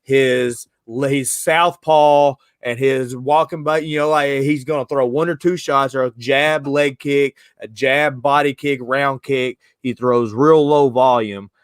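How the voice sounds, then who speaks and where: A man's voice: medium pitch, steady tone, slow, few pauses, smooth, no echo, studio quality. A man hosting a casual live-streamed sports podcast, loose and slangy, joking with his co-host.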